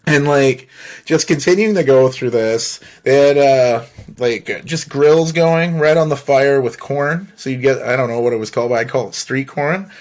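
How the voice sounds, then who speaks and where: A man hosting a podcast, telling a long personal story in a loose, rambling way, swearing freely and laughing between phrases. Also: medium pitch. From Canada. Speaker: podcast host. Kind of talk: casual storytelling monologue.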